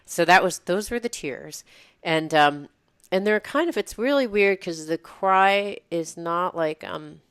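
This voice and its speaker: Brief: female podcast host, deep smooth voice, rambling and reflective, dry close mic. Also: unhurried, no room sound. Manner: reflective, meandering with many fillers. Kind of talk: casual chat.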